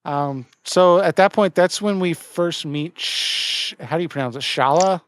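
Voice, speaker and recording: A man co-hosting a podcast, talking about a video game in a loose, halting way with many fillers and restarts. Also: on the high side, fairly bright tone, clear, resonant tone, no room sound, clean studio sound. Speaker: podcast co-host. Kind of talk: casual game discussion.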